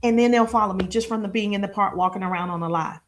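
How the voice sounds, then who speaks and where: A middle-aged woman, a sales and marketing business coach, giving an energetic live-streamed coaching talk that often acts out little dialogues. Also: fast, background noise. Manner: energetic, repetitive, acts out little dialogues with high-pitched voices.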